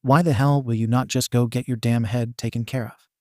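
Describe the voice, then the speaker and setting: A man's voice: mid-range voice, steady tone, brisk, warm tone, no room sound, clean studio sound, natural voice. A man voicing a hot-tempered, foul-mouthed teenage boy who snaps exasperated insults. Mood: irritated.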